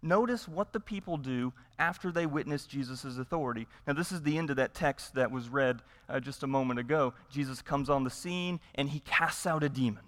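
A man's voice: mid-range voice, fairly quick, hardly any pauses, a bit bright, long reverb tail. A man preaching a sermon as pastor, emphatic, repeating his points and asking rhetorical questions.

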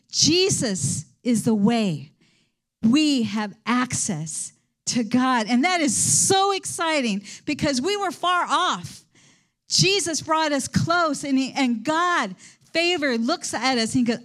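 A woman's voice: high voice, lively intonation, takes it slowly, fairly bright tone. A woman teaching a Bible lesson in an enthusiastic, rambling preaching manner. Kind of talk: sermon.

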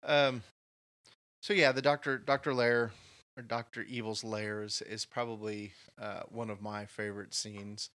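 A man co-hosting a casual movie chat, speaking haltingly with many restarts as he thinks. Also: lowish voice, flat delivery, a bit bright. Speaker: podcast co-host.

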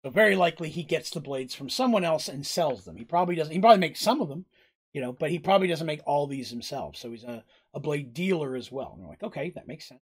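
A man's voice: on the high side, lively intonation, fast talker, slightly rough. Casual rambling male game master. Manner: casual, rambling, self-correcting. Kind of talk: narrating a tabletop game.

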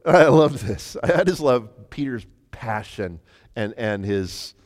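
A man preaching a sermon, retelling a scripture story in an animated way with many stammered restarts. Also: medium pitch, takes it slowly, in a large hall.

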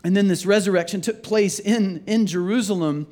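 A man with a notably high voice preaches a relaxed, off-the-cuff Easter sermon to a church congregation. He talks the way people chat, stumbling over words and starting his sentences again. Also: moderate pace. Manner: casual and rambling, with frequent restarts and repeated words. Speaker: pastor. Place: church sanctuary.

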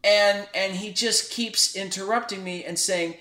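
A high-pitched man speaking a little slowly, recorded in an echoey room. He hosts a podcast and tells a story in casual chat, animatedly acting out the quoted dialogue.

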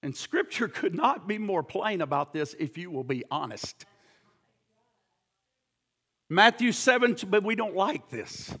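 A man's voice: high voice, very animated, a little slow, long pauses, breathy edge. A man preaching a sermon, emphatic and pressing, stumbling over repeated words and firing rhetorical questions at his listeners. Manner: shouts at points.

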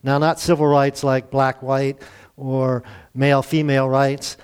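A man's voice: mid-range voice, level tone, a little slow, clean tone. A man preaching a Sunday sermon as pastor, talking conversationally and putting rhetorical questions to his congregation.

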